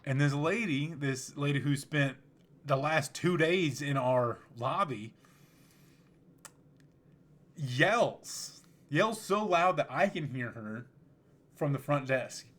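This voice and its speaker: A man hosting a podcast, telling a story casually in a relaxed, rambling way with frequent restarts. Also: on the high side, slow pace, long pauses. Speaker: podcast host.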